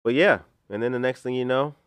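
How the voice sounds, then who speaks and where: A man, hosting a daily local news podcast in a friendly, relaxed chat. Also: mid-range voice, fairly quick, clear, resonant tone, no room sound. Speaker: podcast host. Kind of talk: casual chat.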